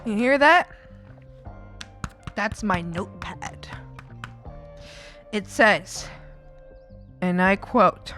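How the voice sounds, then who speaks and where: A woman's voice: mid-range voice, sing-song, slow, long pauses, pushed and bright. A young woman from Canada chatting casually on a live stream, rambling, laughing often and swearing freely. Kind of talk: casual chat. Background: faint background music.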